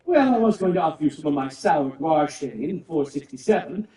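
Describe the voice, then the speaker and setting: A man plays a fussy, chatty male aristocrat in a video game, gushing and rambling with theatrical flair. His high, lively voice has a mellow tone, and it sounds roomy and distant over game music. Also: moderate pace, natural voice.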